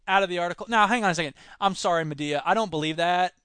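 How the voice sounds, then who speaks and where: Sarcastic high-voiced male podcast host. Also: quick pace, hardly any pauses, fairly bright tone, clean tone, no echo. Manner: sarcastic, rambling asides. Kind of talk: solo podcast commentary.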